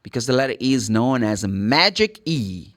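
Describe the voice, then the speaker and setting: A man's voice: mid-range voice, moderate pace. Brazilian guy teaching english pronunciation, voice jumps up and down a lot, sounds out letters one by one. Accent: Brazilian Portuguese. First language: Brazilian Portuguese. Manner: animated, spells out letters and sounds. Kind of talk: pronunciation lesson.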